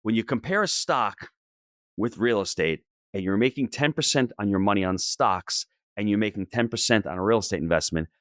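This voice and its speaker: Middle-aged male interview guest, low and persuasive, dry close sound. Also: a little fast, dry recording. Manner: energetic, emphatic and persuasive. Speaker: podcast guest. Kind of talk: interview answers.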